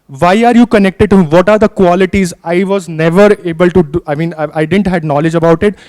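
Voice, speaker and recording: A man's voice: sits high, fairly quick, a little mellow. A man with an Indian accent giving grateful, hesitant feedback at a session. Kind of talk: feedback talk.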